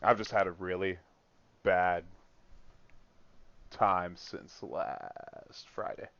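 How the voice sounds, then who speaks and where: A man's voice: low-pitched, steady tone, drawn-out words, a bit bright. Venting man on a lo-fi podcast. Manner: swearing, laughing often, venting. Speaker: podcast co-host. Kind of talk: casual chat.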